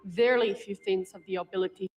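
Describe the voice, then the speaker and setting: An actress playing a stern woman leader in a low-budget sci-fi film, speaking slowly and solemnly in a heavy put-on accent. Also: fairly even intonation, darkish tone, lightly acted. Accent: put-on foreign accent. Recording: film soundtrack with music, distant voice.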